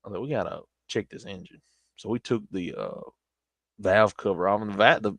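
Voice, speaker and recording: A man's voice: on the low side, fairly quick, a bit bright, dry recording. A man with a Southern US accent telling a long casual story on a stream, rambling with restarts.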